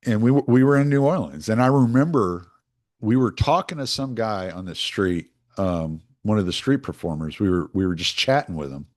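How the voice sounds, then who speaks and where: Podcast host, American man, loose rambling monologue, animated pitch, opinionated delivery. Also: normal speed. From United States. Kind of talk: casual monologue.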